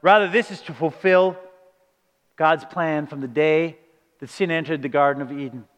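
A man's voice: on the high side, moderate pace, long reverb tail. A man preaching a sermon as pastor, in a conversational style with acted-out quotes.

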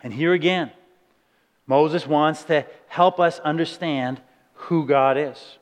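High-voiced male preacher in reverberant hall. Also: slow pace. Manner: emphatic, asks the listeners rhetorical questions. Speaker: pastor. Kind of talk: sermon. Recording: long reverb of a large hall.

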